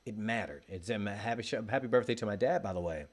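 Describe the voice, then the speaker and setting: A man's voice: on the low side, lively intonation, fast. A man giving an earnest, encouraging motivational monologue, speaking straight to the listener as a motivational speaker.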